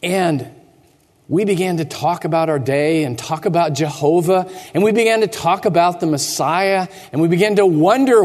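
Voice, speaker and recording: High, lively-voiced man telling a story. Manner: theatrical, drops to hushed tones and asks the children questions. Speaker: pastor. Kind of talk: dramatic first-person storytelling for children. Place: church sanctuary. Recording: echoey church hall.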